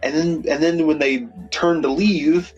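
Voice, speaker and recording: Rambling co-host with faint music behind. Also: male voice, a little high, fairly even intonation, measured pace, lo-fi sound. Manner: rambling, swears casually. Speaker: podcast co-host. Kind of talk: casual chat.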